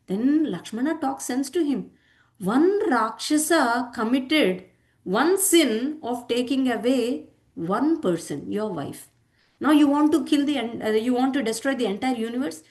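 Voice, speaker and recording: A woman giving a devotional discourse, animated, acting out quotes and checking in with "hmm?" and "huh?" asides. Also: a little high, a little slow. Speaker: spiritual teacher.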